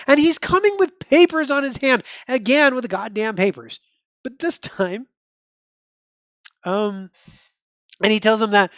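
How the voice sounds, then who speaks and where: Casting: a rambling comic podcast host, 30s or older, average pitch, dry close sound. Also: lively intonation, normal speed, a bit bright, no echo. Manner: chatty, rambling, frequent restarts and laughs. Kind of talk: casual commentary reviewing a comic.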